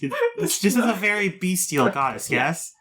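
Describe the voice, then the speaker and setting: Low-voiced woman player, joking. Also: big pitch swings, measured pace, fairly bright tone. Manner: joking, pitches schemes. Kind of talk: casual chat at a game table.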